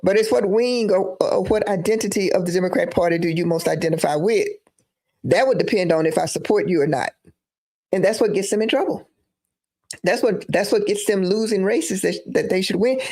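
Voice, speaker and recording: A woman's voice: medium pitch, fairly quick, warm tone. A woman giving emphatic live-stream political commentary, repeating phrases for emphasis.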